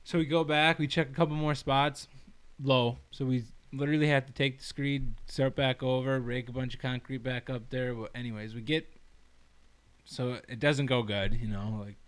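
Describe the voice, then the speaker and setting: A man's voice: mid-range voice, steady tone, normal speed, a bit bright, smooth. A young man co-hosting a podcast, telling work stories in a rambling casual way with lots of filler words and laughter. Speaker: podcast co-host. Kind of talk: casual storytelling chat.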